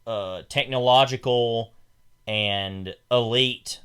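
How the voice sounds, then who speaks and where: Speaking slowly in a smooth, fairly bright mid-range voice, this young podcast co-host rambles casually about a film. His talk is packed with fillers and false starts.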